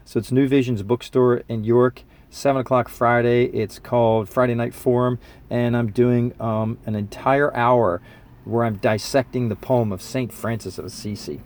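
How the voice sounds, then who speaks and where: A fifty-year-old man speaks in a relaxed, unscripted monologue, mid-range in pitch. He sounds earnest and reflective, turning keen at times, and often pauses with fillers and restarts. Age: 50s. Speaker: musician and spiritual teacher. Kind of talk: casual spoken monologue.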